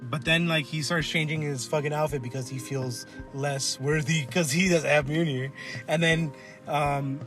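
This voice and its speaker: A man's voice: on the high side, moderate pace, faint music behind. A man hosting a casual podcast, reviewing a movie, swearing and acting out lines. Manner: excitable, swears a lot, acts out lines. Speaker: podcast host. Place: collectibles shop.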